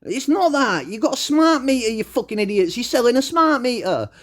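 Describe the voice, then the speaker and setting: A man's voice: very high voice, very animated, fairly quick, fairly bright tone. A man ranting to his channel, heated, argumentative and full of swearing. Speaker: channel host. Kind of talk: ranting monologue vlog.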